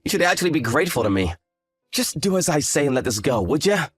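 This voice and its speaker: A man's voice: a little high, very animated, quick pace, slightly rough, dry recording, clean studio sound, faint music behind. A man voicing an arrogant, hungover young fiancé who talks in a lazy, condescending, sarcastic way. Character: arrogant hungover male fiancé, dismissive and smug. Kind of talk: scripted story drama.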